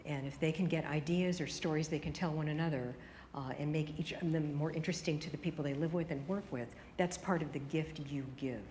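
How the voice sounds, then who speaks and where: A woman's voice: deep voice, steady tone, fairly quick, darkish tone, a little hiss or hum. A woman radio consultant giving a conference keynote, firing off emphatic rhetorical questions at the audience. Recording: hall reverb with faint room ambience.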